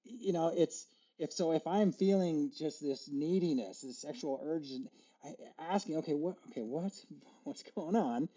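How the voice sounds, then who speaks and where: A man's voice: a little high, mellow. A man guest on a podcast, speaking reflectively, stammering and acting out his inner dialogue. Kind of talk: casual conversation. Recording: dull, muffled sound.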